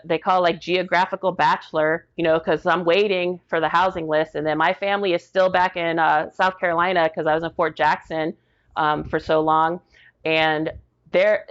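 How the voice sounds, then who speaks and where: Woman, 40s, veteran interview guest; lower voice, animated storyteller, muffled lo-fi sound. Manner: lively retelling, acts out quoted dialogue. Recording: dull lo-fi audio.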